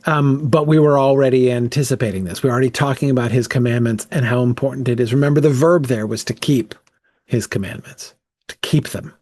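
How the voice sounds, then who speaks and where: A man's voice: mid-range voice, fairly quick, darkish tone, no room sound. A man leading a casual bible study, thinking aloud with frequent "um" and "right?" as he works through the text.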